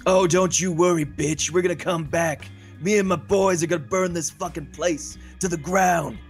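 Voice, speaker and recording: A man doing a snarling gang thug, high shouting voice, loud, soft music behind. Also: fairly even intonation, normal speed. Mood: threatening. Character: angry young male gang thug.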